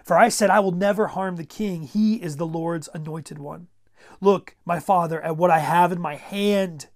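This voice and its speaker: A man's voice: high voice, normal speed. A preacher voicing David, a young male warrior who earnestly pleads with his king, read out during a sermon retelling. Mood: pleading.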